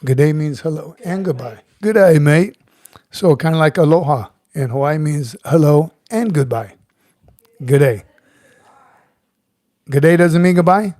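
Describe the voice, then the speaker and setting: A man's voice: on the high side, moderate pace, few pauses, dark tone, no room sound, studio quality. A middle-aged man hosting a casual livestream, chatting easily, chuckling and greeting viewers by name. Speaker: livestream host, retired Marine sergeant major. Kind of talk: casual livestream chat reading comments.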